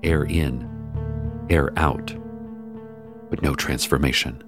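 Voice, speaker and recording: A man narrating a scripted story in a calm, measured way. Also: extremely low pitch. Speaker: radio host narrator. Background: music.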